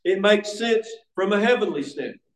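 A man's voice: high-pitched, animated, normal speed. Earnest preacher man in an echoey room. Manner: earnest, emphatic, with restarts. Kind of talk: sermon. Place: church sanctuary.

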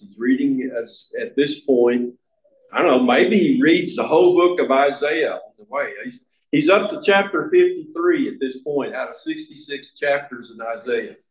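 A man preaching a sermon, slow and emphatic, repeating words for stress. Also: medium pitch. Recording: echoey room.

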